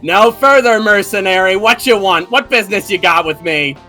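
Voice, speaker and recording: A loud, bossy camp leader woman who snaps out clipped questions in a high, forceful voice, as a man puts her on. Her bark jumps all over the place, and soft music runs under her. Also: animated, moderate pace. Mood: aggressive. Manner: loud clipped barking commands.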